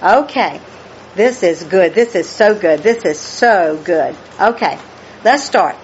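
A woman's voice: medium pitch, animated, takes it slowly, a little mellow, lo-fi sound, a little hiss or hum. A woman leading a Bible study, reading scripture aloud, explaining it and repeating key phrases for emphasis.

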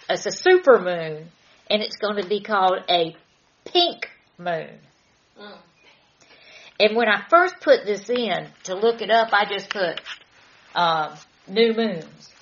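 A woman chatting casually as a study partner, restarting her sentences and adding soft murmurs of agreement. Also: mid-range voice, muffled recording. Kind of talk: casual chat.

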